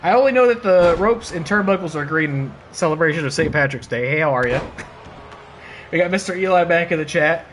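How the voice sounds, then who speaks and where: Excitable, high-voiced male game streamer. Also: fairly quick, a little hiss or hum. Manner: excitable, laughing, bursts of disbelief; swears casually, playful trash talk. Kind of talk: casual live-stream commentary.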